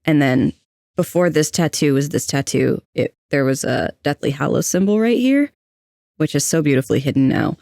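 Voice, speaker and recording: Candid trans man with a gravelly voice. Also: a little high, lively intonation, moderate pace, a little mellow, dry recording, clean studio sound. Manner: candid, anxious, self-deprecating storytelling. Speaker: podcast co-host. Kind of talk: casual personal storytelling.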